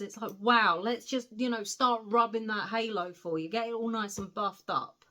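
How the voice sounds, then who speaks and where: A British woman giving a casual spoiler recap of a novel she reviews, retelling it in an animated way with cheeky asides and the odd swear word. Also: a little high, normal speed, hardly any pauses. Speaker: book reviewer.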